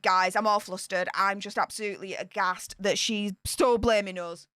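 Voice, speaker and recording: A British woman giving scornful live-stream commentary in an excitable voice that swings between shrieks and mutters. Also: medium pitch, moderate pace, clear, resonant tone, dry recording, clean studio sound. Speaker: royal news commentator.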